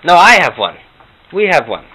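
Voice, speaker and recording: A man voicing a fussy, doting old Jewish grandmother who repeats herself loudly. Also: on the high side, sing-song, moderate pace, voice pushed up, heavily acted. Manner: chatty, repeats things loudly. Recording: lo-fi with loud background noise.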